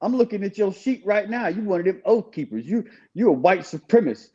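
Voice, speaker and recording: A man imitating a hostile, mocking male prison chaplain in a pitched-up voice. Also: sing-song, brisk, dark tone, husky, highs cut off, heavily acted. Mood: taunting. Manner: mocking, confrontational street talk.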